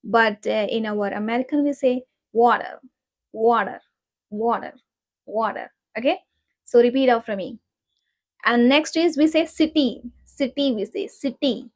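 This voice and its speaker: A young woman with an Indian accent teaching pronunciation in a casual vlog, repeating practice words slowly in a coaching tone. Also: on the high side. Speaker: accent-learning vlogger.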